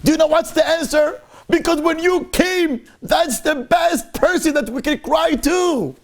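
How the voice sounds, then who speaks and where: A man's voice: very high-pitched, unhurried. A man, a rabbi giving an emphatic Torah lecture and slipping Hebrew phrases into his English. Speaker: rabbi teaching a Torah class.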